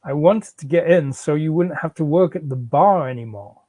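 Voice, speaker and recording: A man's voice: fairly high pitch, normal speed, warm tone, a little hiss or hum, natural voice. A man reading the part of a defensive, out-of-work young father who stammers and pleads with his wife. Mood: pleading. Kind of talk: live fiction reading.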